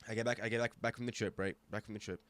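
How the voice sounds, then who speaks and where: A man in his twenties from Germany, guest on a podcast, telling a story with emphatic, animated delivery and many restarts. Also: fairly low pitch, rapid-fire. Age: 20s. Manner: animated, emphatic, acts out quoted voices, frequent restarts. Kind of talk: casual storytelling conversation.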